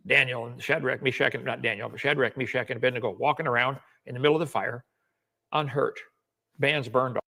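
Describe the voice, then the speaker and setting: A man's voice: medium pitch, steady tone, fast talker, creaky, bright, forceful tone. A man preaching a sermon in an earnest, storytelling manner.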